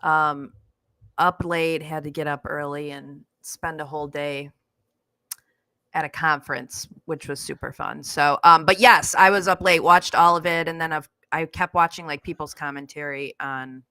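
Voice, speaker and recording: Woman, podcast co-host, chatty, bright tone, lowish voice. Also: fairly even intonation, normal speed, clean tone, no room sound. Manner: chatty, lots of "like" and laughs. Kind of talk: casual chat.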